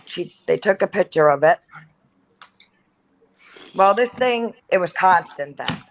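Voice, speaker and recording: A woman in her thirties tells a spooky personal story in an easy, chatty way. Her voice sits a little low, and she peppers her speech with "like" while acting out what people said. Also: expressive, unhurried, poor audio. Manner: chatty, heavy use of "like", acts out quotes. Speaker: guest storyteller. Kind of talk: casual storytelling.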